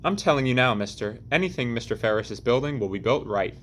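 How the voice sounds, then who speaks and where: A man's voice: mid-range voice, lively intonation, quick pace, fairly bright tone, slight background noise, lightly acted. A man voicing a proud young workman who speaks earnestly and flares up when his job is doubted. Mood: indignant. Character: young, proud working lad on the wheel.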